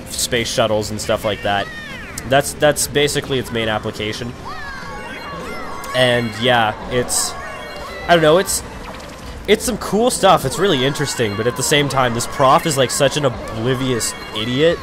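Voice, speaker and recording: Young guy doing let's play commentary, swears a lot, rambles, mid pitch, game music going. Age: young adult. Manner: rambling, profane, sudden raging outbursts. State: over-caffeinated. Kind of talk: casual gaming commentary.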